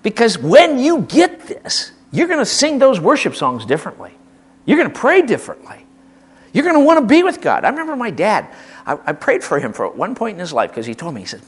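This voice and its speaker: An older man preaches with real fire, his fairly high voice leaping and plunging across a wide span. He drops to near-confiding asides, then swells into loud, emphatic declarations. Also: huge pitch swings, brisk, slightly rough. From American Midwest. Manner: impassioned, emphatic, swinging from hushed to loud. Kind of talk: sermon.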